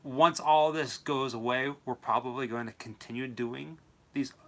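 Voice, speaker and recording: A young man co-hosting a late-night talk show, easygoing and chatty, quick to laugh. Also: mid-range voice, fairly even intonation, a little hiss or hum. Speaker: co-host. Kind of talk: casual late-night chat.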